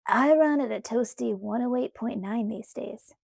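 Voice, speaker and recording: A woman's voice: fairly high pitch, moderate pace, creaky, darkish tone, breathy edge, no room sound, full character voice. Woman reading a smug, teasing young man, light and dry, for an audiobook. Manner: teasing, breezy. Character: cocky young male shapeshifter, teasing and cheerful.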